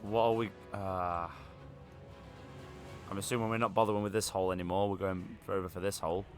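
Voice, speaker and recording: A man's voice: low-pitched, flat delivery, fairly quick, faint music behind. A man playing a tabletop game, talking casually and rambling with laughs. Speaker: player.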